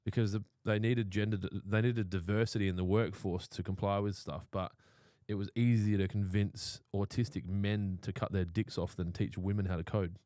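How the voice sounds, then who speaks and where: A man's voice: on the low side, steady tone, moderate pace, few pauses, warm tone, no room sound, studio quality. An Australian man co-hosting a casual talk show, brash and profane, speaking bluntly and cracking crude jokes. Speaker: podcast co-host.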